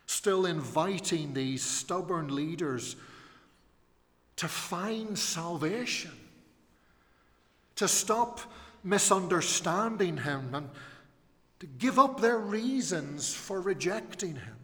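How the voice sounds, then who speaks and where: A man's voice: high voice, a bit bright. A man preaching a sermon, earnest and emphatic, rising on his key phrases. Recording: long hall reverb.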